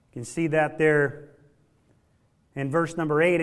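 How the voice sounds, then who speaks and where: Preaching in a folksy way, this man keeps a level tone and measured pace with frequent pauses, yet drops from loud, emphatic lines to quiet, low ones and stretches important words.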